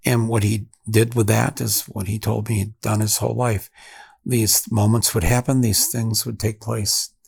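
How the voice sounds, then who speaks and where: Gravelly, husky man telling a story. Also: lowish voice, flat delivery, darkish tone, dry recording. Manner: reflective, halting, with fillers and restarts. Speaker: podcast host. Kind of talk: storytelling monologue.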